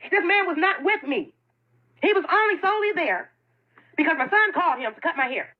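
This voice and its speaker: A woman's voice: very high-pitched, animated, a little fast, a little hiss or hum. A woman who owns a food truck, speaking an impassioned and defensive statement in which she often repeats herself. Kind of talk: emotional self-made video statement. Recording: dull lo-fi phone audio.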